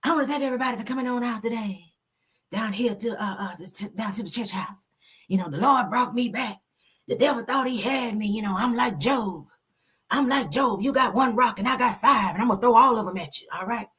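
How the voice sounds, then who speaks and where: A woman's voice: on the high side, fairly bright tone, husky, voice pushed up. A woman impersonating a frail older male preacher who rambles and stalls while thanking his congregation. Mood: rushed rambling. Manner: rambling, halting sermon delivery with stalls.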